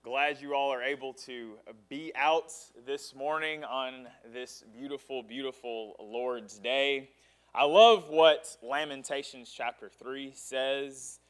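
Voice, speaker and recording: A man's voice: mid-range voice, steady tone, slow. A male pastor preaching a sermon, retelling a story dramatically and stressing words in emphatic lists.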